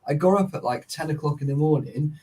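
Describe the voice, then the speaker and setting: A man's voice: fairly high pitch, quick pace, rough recording. Swearing man telling stories. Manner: swearing, animated storytelling. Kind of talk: casual chat.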